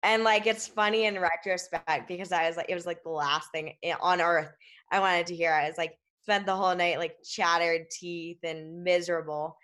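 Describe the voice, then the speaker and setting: Low-voiced woman telling a story. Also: fairly even intonation, normal speed, a bit bright. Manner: fills her speech with "like" and "um"; explains things step by step while telling a story. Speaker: interview guest, athlete. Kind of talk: casual storytelling in an interview.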